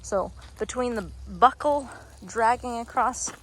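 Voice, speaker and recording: A woman's voice: slow pace, a bit bright, slight background noise, low-quality recording. A young adult woman, a dog trainer, explaining training steps to viewers outdoors in a park. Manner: explains to viewers, breaks into high-pitched praise for the dog. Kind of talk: instructional dog training video.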